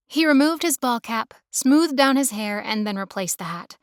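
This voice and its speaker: Woman audiobook narrator, romance novel, steady delivery, smooth clear tone, close dry sound. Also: fairly high pitch, normal speed, few pauses, no echo.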